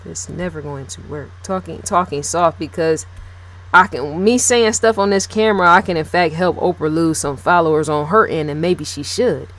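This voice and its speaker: A woman with a lowish voice gives blunt commentary straight to camera. She is emphatic and repeats herself, and she swears freely. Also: moderate pace, fairly bright tone. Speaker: video blogger. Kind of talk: casual opinionated commentary to camera.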